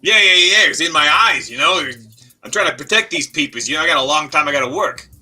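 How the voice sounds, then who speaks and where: A man playing a tabletop roleplaying game who talks in fast, chatty, excitable rambles, often in character. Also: fairly high pitch, husky, soft background music. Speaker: player.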